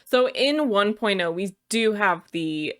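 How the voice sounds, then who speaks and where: A woman's voice: medium pitch, lively intonation, takes it slowly, fairly bright tone. A woman co-hosting a casual chat, thinking aloud with fillers and laughing often. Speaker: co-host. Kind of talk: casual chat while sharing screen.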